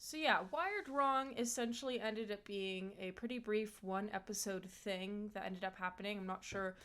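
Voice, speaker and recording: Woman, voice actor, casual chat, enthusiastic, filler-heavy, medium pitch. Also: moderate pace, a bit bright. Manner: chatty and enthusiastic, many fillers. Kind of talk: casual talk about past roles.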